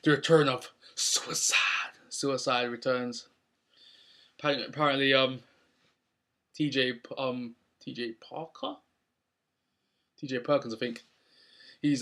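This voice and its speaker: A man's voice: mid-range voice, a bit bright. A young man recapping a wrestling show in a casual, rambling way with lots of ums. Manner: rambling, many ums and restarts.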